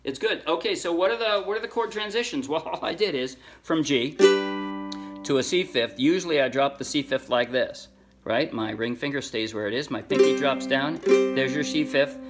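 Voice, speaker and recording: Relaxed man teaching ukulele over strumming. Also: medium pitch, normal speed, loud music behind the voice. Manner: relaxed, self-correcting, counts strings aloud. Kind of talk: casual tutorial talk. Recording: ukulele playing under the voice.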